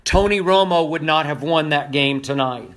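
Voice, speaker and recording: An older man giving impassioned sports commentary, emphatic and repetitive, hoarse from losing his voice. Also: fairly high pitch, moderate pace, a bit bright.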